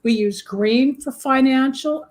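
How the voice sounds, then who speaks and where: A woman host with a slightly high voice talks in a loose, chatty way. She explains things through homely examples. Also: slow pace. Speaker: host, candle magic practitioner. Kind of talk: casual talk show chat.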